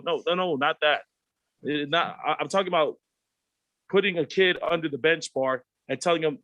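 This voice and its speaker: A man's voice: on the high side, brisk, fairly bright tone, dry recording. A man from the Pacific Islands, a panel guest who talks in a reflective, earnest way over a video call. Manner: reflective, earnest, acts out quoted voices. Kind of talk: candid panel discussion.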